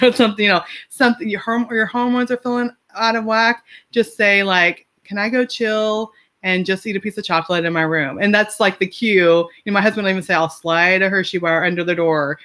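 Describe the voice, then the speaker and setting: A woman's voice: medium pitch, a bit bright. Chatty mom in her forties, lots of likes and you-knows, laughs a bit as she talks. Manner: chatty, lots of fillers and restarts; laughs lightly mid-sentence. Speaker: parent sharing advice. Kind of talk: casual conversational advice.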